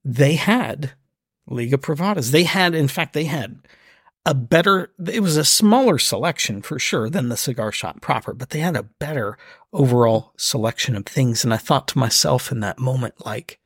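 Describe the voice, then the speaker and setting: A man co-hosting a podcast, telling a story in casual chat and acting out his own reactions with sudden high bursts. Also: expressive, normal speed, a bit bright, breathy edge, dry recording, studio quality. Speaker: podcast co-host.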